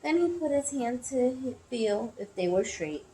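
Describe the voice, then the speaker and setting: A young adult woman reading a picture book aloud to children, expressive and gasping at story moments. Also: on the high side, unhurried, slight background noise, poor audio.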